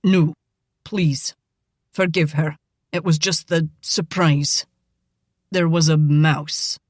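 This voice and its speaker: A woman doing a gruff older Southern father. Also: low voice, fairly even intonation, takes it slowly, darkish tone, no room sound, studio quality, pitched below the performer's own voice. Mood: flustered.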